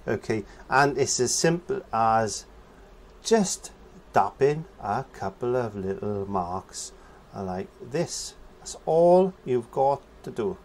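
A man's voice: medium pitch, expressive, takes it slowly, a little mellow, slight background noise. Chatty man teaching painting, humming along. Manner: chatty, hums and sings nonsense syllables while painting. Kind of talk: casual painting lesson.

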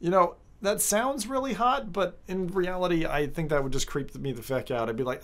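A woman streaming a racing game, chatting casually with her viewers in an excitable, joking way, swearing often. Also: fairly low pitch, moderate pace, hardly any pauses. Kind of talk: casual live-stream chat while gaming.

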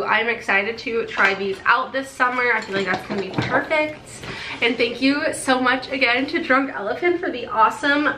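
A bubbly young woman with a high, bright voice chats excitedly through an unboxing and laughs often. She sounds a little far off in an echoey room, with a faint hiss under her voice. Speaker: beauty vlogger. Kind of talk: excited haul unboxing chat.

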